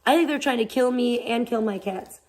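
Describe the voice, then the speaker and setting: Woman streaming and just ranting, swears a lot, kinda high voice, rambly. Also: brisk, a little mellow. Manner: rambling, profane, exasperated ranting. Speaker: live streamer. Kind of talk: casual chat.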